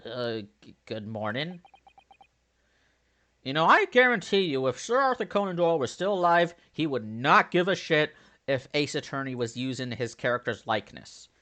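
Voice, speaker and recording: A man's voice: on the high side, expressive, brisk, sharp tone. A man casually commenting while playing a game, joking and swearing as he reads along. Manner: joking, swearing, loose and chatty. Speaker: let's play host.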